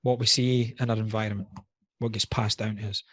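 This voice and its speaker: Man, husky, dry close sound, blunt, swears often, candid podcast chat. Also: fairly low pitch, level tone, a little fast, no room sound. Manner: reflective, speaks about personal wounds. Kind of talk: casual podcast conversation.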